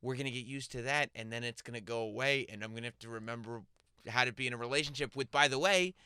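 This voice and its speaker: Bright, reflective host man. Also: medium pitch, fast talker, clean tone, no room sound, studio quality. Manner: reflective, musing aloud. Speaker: talk show host. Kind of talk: casual chat. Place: radio studio.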